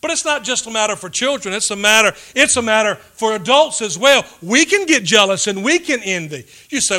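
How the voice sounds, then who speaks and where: A man delivers a sermon in a high voice. His tone is bright and forceful. He swings between loud emphasis and quiet, hushed asides. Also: animated, fairly quick, hardly any pauses. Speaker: pastor.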